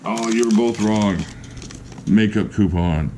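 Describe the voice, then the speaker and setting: A man giving a casual, chatty knife review, enthusiastic and quick to laugh. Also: lowish voice, noisy background.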